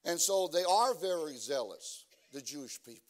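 Halting preacher man swelling into shouts. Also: fairly high pitch, expressive. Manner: halting with many fillers, building to shouted emphatic preaching. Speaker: guest preacher. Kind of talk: sermon. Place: church.

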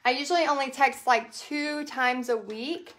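A woman's voice: high voice, normal speed, a bit bright, roomy sound. A woman with a Texas accent chatting casually to livestream viewers while she paints, rambling and talking straight to them. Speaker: craft business teacher and livestream host.

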